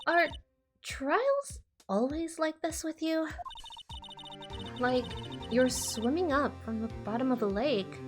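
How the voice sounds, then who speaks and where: Eager teenage girl, read by a woman in a raised voice, earnest, lively, soft game music under her. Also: high-pitched, takes it slowly, pauses often, voice pushed up. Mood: wondering. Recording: faint game music behind.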